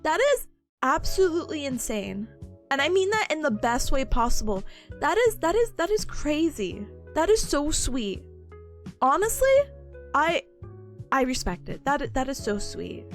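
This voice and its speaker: A young woman with a high, lively voice tells a story to her live chat. She rambles, giggles and restarts her sentences, with faint music playing underneath. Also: unhurried. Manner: animated, giggly, rambling with many fillers and restarts. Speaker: study streamer.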